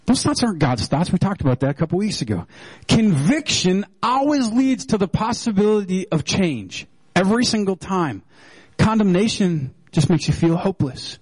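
A middle-aged male pastor preaching a sermon in an animated, joking manner. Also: moderate pace, husky, dry recording, low-quality recording. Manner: animated and joking, with wide swings in pitch.

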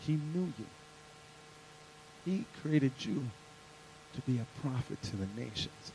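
A man delivers a sermon in a church in a middle-pitched voice. He shifts from rising, emphatic points to a quieter storytelling tone. A faint hum sits under the recording. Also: lively intonation, a little slow, vocal fry, long pauses, poor audio. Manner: preaching, loud and rising in early points, then quiet storytelling. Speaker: pastor. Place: church sanctuary.

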